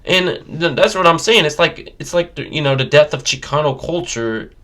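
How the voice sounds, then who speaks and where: A man's voice: on the high side, moderate pace, pushed and bright. A man from the United States, a rapper talking in a casual interview, emphatic and profane, with many "you know" fillers.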